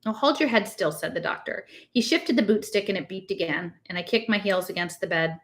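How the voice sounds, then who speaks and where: A woman reading a novel aloud in a casual voice, slowing down when she reads out long strings of numbers. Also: lowish voice, a bit bright. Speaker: reader.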